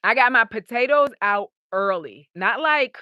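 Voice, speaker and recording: A woman's voice: a little high, expressive, a little slow, no room sound, dull audio. A woman hosting a live garden tour, chatting casually and reading viewer comments. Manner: chatty, laughs often, talks to viewers as y'all. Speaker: garden channel host doing a live stream. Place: outdoor urban garden.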